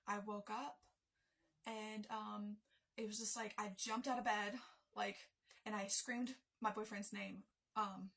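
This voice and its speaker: A woman's voice: mid-range voice, creaky, fairly bright tone. A woman telling her own story as a candid, emotional personal testimony, with many fillers.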